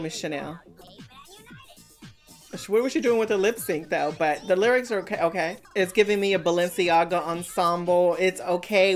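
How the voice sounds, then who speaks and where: A woman hosting a casual reaction video, calling out the contestants directly with sassy pet names and giving blunt critiques. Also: fairly low pitch. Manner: sassy, talks straight to the contestants with "honey" and "baby". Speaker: reaction channel host.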